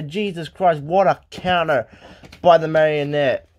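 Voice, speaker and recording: A man calling a wrestling match play by play, excitable, shouting in bursts and swearing. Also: fairly high pitch, unhurried. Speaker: wrestling commentator.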